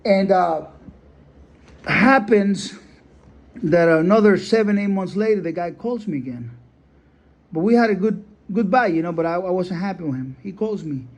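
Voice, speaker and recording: A man's voice: sits high, animated, normal speed, long pauses. A man who breeds dogs tells a story in casual talk. He rambles, leans on "you know", and speaks bluntly with some swearing. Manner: rambling, filler-heavy, blunt and profane. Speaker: dog breeder.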